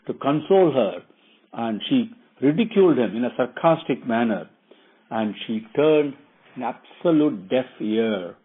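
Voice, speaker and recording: A man retells a religious epic in a loose, rambling way, restating phrases and filling pauses with "uh." His voice is husky, and the recording is thin and tinny, like a phone line. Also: medium pitch. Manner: rambling, repeats himself with many fillers. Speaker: storyteller.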